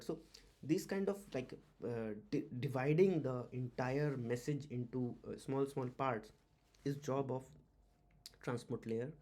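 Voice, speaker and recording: Halting man teaching tech. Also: medium pitch, dark tone. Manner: halting, many uh fillers and restarts, repeats key words. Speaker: automotive diagnostics instructor. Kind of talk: informal whiteboard lecture.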